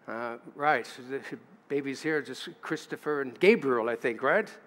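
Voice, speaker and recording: Pastor preaching in a reverberant church. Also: male voice, medium pitch, unhurried, a bit bright. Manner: conversational preaching with asides to the congregation. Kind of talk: sermon. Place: church sanctuary. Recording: church livestream with long hall reverb.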